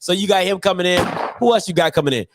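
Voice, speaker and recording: Man, high-pitched sports talk host, hyped and chatty. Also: fast, background noise. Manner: animated, swings between loud hype and muttering. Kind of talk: live call-in sports talk show.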